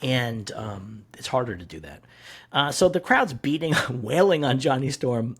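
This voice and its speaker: An excitable co-host talking comics in a loose, laughing way. The pitch swings widely as he acts out panels, and the voice carries a slight huskiness. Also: measured pace, slightly rough. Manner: animated, laughing, swearing, retelling panels. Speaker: podcast co-host. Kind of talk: casual comics discussion.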